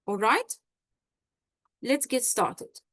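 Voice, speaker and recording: A woman with a fairly high voice leads a medical exam teaching session at an unhurried pace. She checks in with her students often and stops to search for words. The sound is dry and close. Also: animated, a bit bright, dry recording. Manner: explanatory, frequent "okay?" and "all right?" check-ins.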